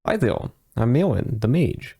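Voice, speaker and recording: A man's voice: medium pitch, sing-song, unhurried, vocal fry, mellow, breathy edge, full character voice. A man reading aloud the lines of a cheerful, short female mage, plainly and without a put-on voice. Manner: plain read-aloud delivery.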